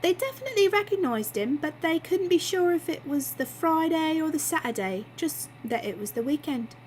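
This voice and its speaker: Brief: cheeky barmaid, breezy and lively, put on by a woman reader in a storybook reading, slightly raised voice, faint room hum. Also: sits high, moderate pace, voice pushed up.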